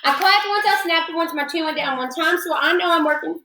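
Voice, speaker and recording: Teacher lady doing phonics with little kids, high bright voice, patient and sing-song. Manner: patient, sing-song, slowly drawn-out words. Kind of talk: classroom phonics lesson. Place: classroom with children. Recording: echoey classroom.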